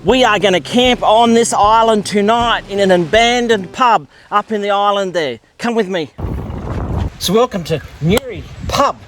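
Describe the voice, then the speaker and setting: Chatty Australian man, high voice. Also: moderate pace, hardly any pauses, a little hiss or hum. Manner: relaxed, joking, chatty. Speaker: vlogger. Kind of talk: casual travel vlog. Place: outdoors at an abandoned island pub.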